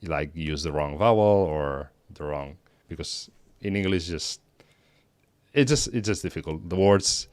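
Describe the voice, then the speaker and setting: Spanish-born man, native Spanish, low resonant voice, dry sound, thoughtful interview guest. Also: measured pace, dry recording. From Spain. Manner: thoughtful, restarts and repeats words while thinking. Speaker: guest, language teacher. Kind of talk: conversational interview.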